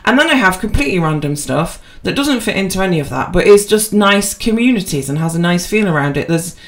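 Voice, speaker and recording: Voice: medium pitch, lively intonation, a little fast, fairly bright tone. A podcast co-host chatting casually and rambling, with lots of fillers and restarts, self-deprecating. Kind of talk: casual chat.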